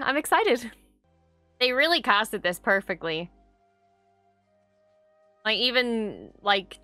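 A young Irish woman hosting a reaction video, chatting casually and gushing excitedly with frequent swearing. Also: medium pitch, clean tone, no room sound.

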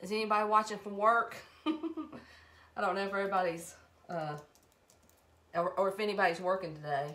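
A middle-aged woman from Alabama with a thick Southern accent talks through a craft project. She rambles in a casual, friendly way, greets her viewers and pokes fun at her own messiness. Her pitch sits right in the middle for a woman. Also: moderate pace, pushed and bright. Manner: chatty and rambling, greets viewers, laughs at herself. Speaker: craft live-stream host. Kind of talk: casual live-stream crafting demo.

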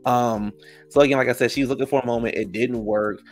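A man's voice: steady tone, very fast, faint music behind. A man casually recapping a reality TV episode in a sassy, profane, gossipy way. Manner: acts out quotes in higher voices.

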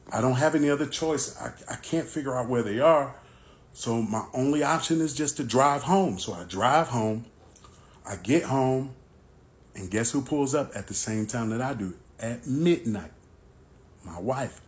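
A man narrating a personal story in storytime style, animated and acting out the dialogue. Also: mid-range voice.

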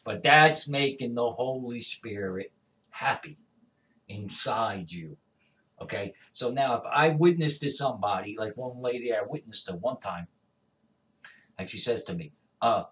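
A man speaking as an evangelist, telling stories of his faith in an animated, conversational way and often checking in with "all right?". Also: on the low side, a little slow. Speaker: evangelist guest. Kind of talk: conversational testimony. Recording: dull distant lo-fi sound.

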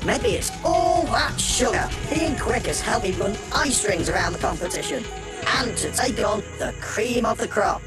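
A woman voicing a speedy, upbeat donut costume character with a bubbly, shouty delivery. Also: on the high side, lively intonation, moderate pace, lightly acted. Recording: loud music behind.

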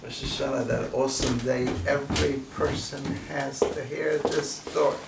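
A man's voice: mid-range voice, steady tone, normal speed, gravelly. Man, rabbi, emphatic sermon, rhetorical questions, roomy room, distant mic. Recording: roomy distant recording, faint noise.

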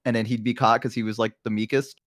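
A man's voice: medium pitch, fast, no room sound, studio quality. A young man with a Southern American accent, telling childhood stories in casual chat on a stream, laughing often. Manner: animated, laughs often, acts out quoted voices.

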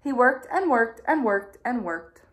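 Woman teacher, storybook read-aloud, animated intonation, slightly high voice. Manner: gentle, expressive, slow storytelling. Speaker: teacher reading a children's book.

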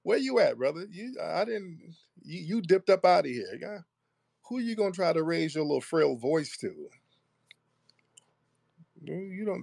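A man hosting a live online audio room, taunting and talking down to a caller with slow, deliberate jabs. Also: mid-range voice, gravelly, a little mellow, dry recording. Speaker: host. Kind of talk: confrontational live audio chat.

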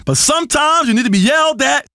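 An actor playing an erratic, self-important male radio health guru who rambles and swings between crooning and shouting. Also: extremely high pitch, expressive, fast talker, no echo, studio quality, full character voice. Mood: boastful. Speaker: radio health show host. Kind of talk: comedic radio talk show performance.

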